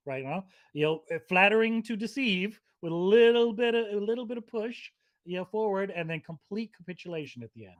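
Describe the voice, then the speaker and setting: A man's voice: high-pitched, lively intonation, brisk, dry recording. Dry-voiced sardonic male co-host. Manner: sardonic, weary, joking. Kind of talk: live football watchalong chat.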